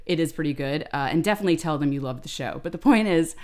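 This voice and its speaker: A woman co-hosting a podcast, telling stories in a lively, ranting, freely swearing way. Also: sits low, fast. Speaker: podcast co-host. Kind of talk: casual chat, storytelling.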